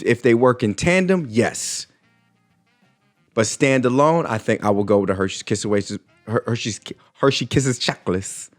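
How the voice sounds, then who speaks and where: Young guy podcast host, lowish voice, rambling slangy chat, faint music under. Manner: animated, rambling, riffing with slang and repeated phrases. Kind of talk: casual solo podcast chat answering listener questions.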